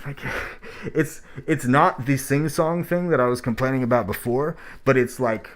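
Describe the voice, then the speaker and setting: A man hosting track reviews in casual spoken critique, talking in a blunt, rambling, profane way, his voice muffled by a mask. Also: mid-range voice. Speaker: host reviewing rap tracks.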